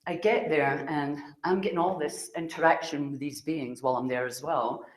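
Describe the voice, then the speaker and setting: A woman's voice: sits low, steady tone, moderate pace. A middle-aged woman from Scotland, a spiritual speaker who tells stories to a live audience. She acts out the dialogue in her stories and laughs often. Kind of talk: storytelling talk to a live audience. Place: room with an audience. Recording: roomy, echoey hall sound.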